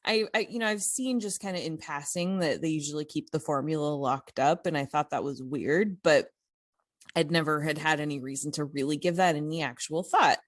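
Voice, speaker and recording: A woman with a lowish voice chats on a podcast, recorded dry and close to the mic. She tells her story in a loose, animated way, full of "like" and "you know" and restarts. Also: moderate pace, dry recording. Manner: animated, many fillers and restarts. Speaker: podcast co-host. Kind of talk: casual conversational storytelling.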